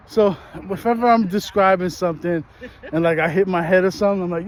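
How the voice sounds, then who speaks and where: Laid-back New York guy, high voice. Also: fairly quick. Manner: laid-back slangy rambling, laughs often. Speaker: vlogger host. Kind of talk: casual walk-and-talk chat. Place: outdoors walking a residential street.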